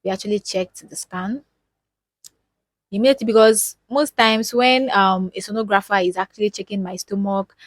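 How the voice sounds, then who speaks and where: A woman's voice: mid-range voice, fairly even intonation, moderate pace, no room sound. Emotional Nigerian woman telling her story. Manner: emotional, repeats words for emphasis. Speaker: vlogger. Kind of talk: personal storytelling to camera.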